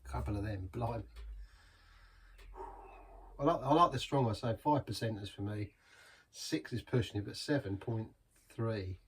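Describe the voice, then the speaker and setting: A man's voice: fairly low pitch, moderate pace, pauses often, distant mic, slight background noise. A man reviewing a beer in a chatty, rambling way, savouring each sip. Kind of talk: casual beer review vlog.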